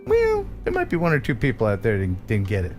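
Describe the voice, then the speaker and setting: Male stream host, upbeat and jokey, lively pitch that swings a lot, soft music under him. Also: quick pace. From United States. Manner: jokey, laughs often, animated. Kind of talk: casual live-stream chat.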